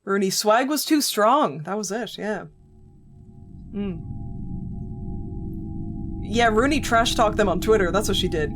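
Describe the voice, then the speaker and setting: A woman's voice: mid-range voice, lively intonation, a little slow, pauses often. A woman streaming a game, griping with sarcastic, profane commentary. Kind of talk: let's play commentary. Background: game music.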